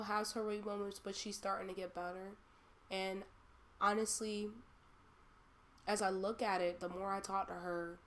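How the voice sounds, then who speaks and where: A woman's voice: medium pitch, slight background noise. A young woman hosting a personal monologue, heartfelt and rambling with many fillers. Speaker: host.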